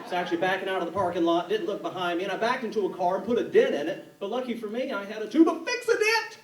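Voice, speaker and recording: High-voiced stand-up comic in an echoey room. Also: male voice, fairly even intonation, crowd noise, noisy background. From North Carolina. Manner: quick punchy delivery with put-on voices. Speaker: stand-up comedian. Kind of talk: stand-up comedy set. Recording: echoey room, mic from a distance.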